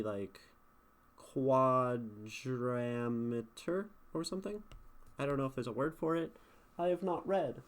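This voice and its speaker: A man's voice: fairly high pitch, a bit bright. A man streaming live, talking through a poem's meter in a casual, thinking-aloud way and sounding out rhythms. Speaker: streamer critiquing poetry.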